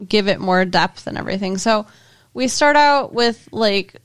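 A woman's voice: medium pitch, normal speed, smooth. A woman co-hosting a podcast, chatting casually about a movie with short, teasing replies. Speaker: podcast co-host. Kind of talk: casual movie review chat.

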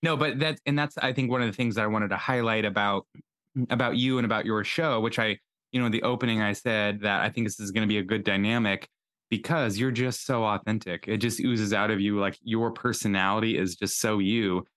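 A man co-hosting a podcast, talking with enthusiasm and a relatable, complimentary manner. His voice is smooth and resonant. The recording is dry and close. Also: on the low side, fairly even intonation, fairly quick, a bit bright, no room sound. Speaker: podcast co-host. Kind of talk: casual conversational interview.

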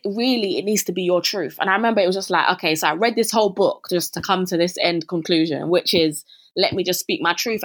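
Woman, young adult, casual podcast guest, rambling and animated in retelling. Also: medium pitch. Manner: chatty, many fillers, acts out her own past remarks. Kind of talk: casual interview chat.

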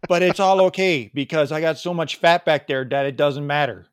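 A man's voice: on the high side, clear, resonant tone, no echo, clean studio sound, lightly acted. A man doing a folksy old Wisconsin guy. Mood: chatty. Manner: chatty, drawn-out "oh, man". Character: folksy oversharing Wisconsin man in his sixties.

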